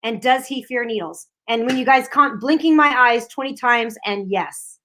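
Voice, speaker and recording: Woman, high voice, chatty, teasing, casual live-stream co-host. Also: moderate pace, fairly bright tone, a little hiss or hum. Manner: chatty, laughs easily, teasing.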